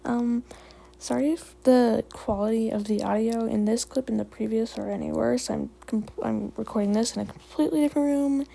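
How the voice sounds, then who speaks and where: Woman, relaxed story reader and host, fairly high, gravelly fry, self-deprecating chat. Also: normal speed, poor audio. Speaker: fan fiction reader and channel host. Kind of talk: storytelling narration and casual sign-off.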